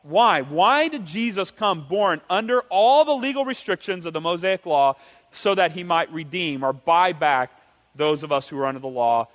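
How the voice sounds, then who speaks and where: A man preaching a sermon with animated delivery, asking rhetorical questions and acting out quotes. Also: a little high, normal speed. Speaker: pastor. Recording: reverberant hall.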